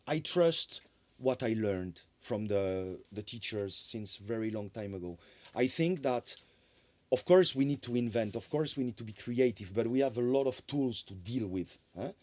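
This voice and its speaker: A man giving a conference lecture as a composer, talking in an animated way, often tagging sentences with "eh?" and restarting phrases. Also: medium pitch, moderate pace. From France. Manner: animated, tag questions "eh?", frequent restarts.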